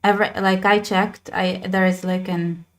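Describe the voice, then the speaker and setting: A woman with an Israeli accent, a native Hebrew speaker, hosting a casual livestream chat and talking in quick bursts with many restarts. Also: fairly low pitch, level tone. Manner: chatty, many restarts and fillers. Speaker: channel host.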